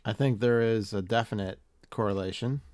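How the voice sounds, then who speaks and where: A man's voice: lowish voice, normal speed, darkish tone, no echo. A man co-hosting a podcast in casual chat, laid-back and dry, swearing casually. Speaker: podcast co-host.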